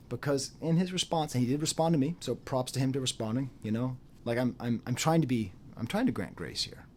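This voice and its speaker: A man's voice: mid-range voice, a little mellow, slight background noise. A man giving an unscripted commentary monologue, repeating phrases for emphasis and dropping into mocking quoted voices. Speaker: YouTube commentator.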